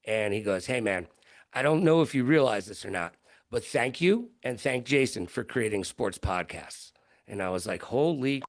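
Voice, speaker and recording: A middle-aged man, a broadcaster, telling stories in an interview with lively quoted voices. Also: moderate pace. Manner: lively, jumps into high-pitched quoted voices. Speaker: guest broadcaster. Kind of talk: animated storytelling in an interview.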